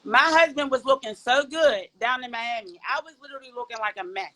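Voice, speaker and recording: Her voice sits on the high side and runs a little fast, captured in a rough recording. This Pittsburgh, Pennsylvania native with the local accent guests on a podcast, animatedly and folksily recounting her experience and calling her listeners "y'all" in a relaxed testimonial chat.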